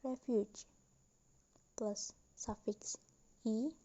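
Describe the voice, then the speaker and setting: A young woman student slowly reading a class presentation with careful, deliberate delivery. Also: fairly high pitch, fairly even intonation, mellow, dull audio. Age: young adult.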